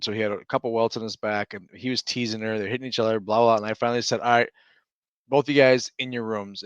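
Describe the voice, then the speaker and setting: Chatty dad rambling through a story. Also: male voice, fairly low pitch, a bit bright, smooth, no echo, highs cut off. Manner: rambling storyteller, laughs often. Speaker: podcast co-host. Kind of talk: casual chat. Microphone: remote call.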